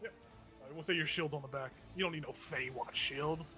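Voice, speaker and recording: A man's voice: a little high, a little fast, sharp tone, soft background music. A man running a tabletop game as game master, talking loosely and thinking aloud over the rules.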